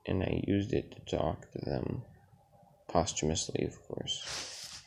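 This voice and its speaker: Young man, low and gravelly, tired rambling dream story with swearing. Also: huge pitch swings, takes it slowly. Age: young adult. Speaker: vlogger. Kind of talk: casual dream retelling.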